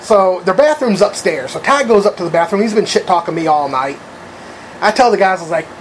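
A man's voice: sits high, a little hiss or hum, low-quality recording. A man telling a crude, rambling anecdote in casual chat, swearing freely and laughing at his own story.

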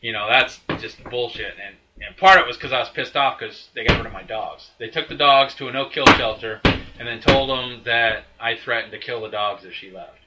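A man's voice: medium pitch, fairly quick, muffled recording, very noisy. A man in casual conversation, telling a heated, profane story that rambles with restarts and asides. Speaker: storyteller recounting a breakup.

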